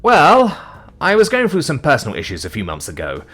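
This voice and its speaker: A man playing a flustered young male wizard, pitched well above a normal speaking voice. He babbles in nervous bursts with a husky edge, animated and fumbling. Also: fairly quick, heavily acted. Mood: sheepish. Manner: nervous rambling apologies.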